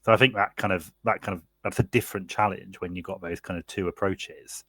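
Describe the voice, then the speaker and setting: Low-voiced man chatting about games. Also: brisk, dry recording. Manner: animated, laughing, rambling with fillers. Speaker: podcast co-host. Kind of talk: casual chat.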